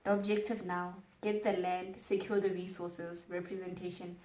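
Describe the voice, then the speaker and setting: A young South African woman co-hosting a casual chat, ranting in animated, emphatic repeats. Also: lowish voice, moderate pace. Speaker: co-host. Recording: echoey room.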